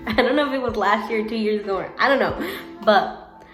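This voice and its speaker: A woman's voice: mid-range voice, a little fast, roomy sound, faint music behind. A woman vlogger chatting casually to camera, rambling with many fillers, giggling and correcting herself as she goes.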